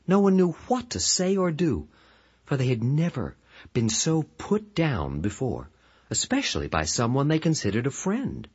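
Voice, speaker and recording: A man narrating an audio storybook in an expressive, dramatic manner. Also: a little high, breathy edge. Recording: dull lo-fi recording with music.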